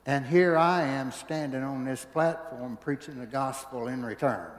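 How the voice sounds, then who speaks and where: A man preaching a sermon in a church, telling folksy stories and swinging from hushed asides to booming exclamations. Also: measured pace, some chatter behind, slight background noise. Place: church sanctuary. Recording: church hall reverb.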